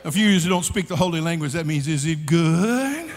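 A man preaching at a youth conference, telling a comic story with shouts and laughs. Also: a little high, sing-song, fairly quick. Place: large conference hall. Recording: long hall reverb.

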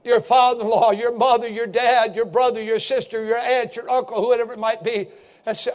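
An older man preaches from the pulpit in a strikingly high voice. His delivery is impassioned, pressing each point and swelling into shouts as he exhorts his congregation. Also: little pitch movement, normal speed. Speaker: pastor. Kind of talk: fiery sermon.

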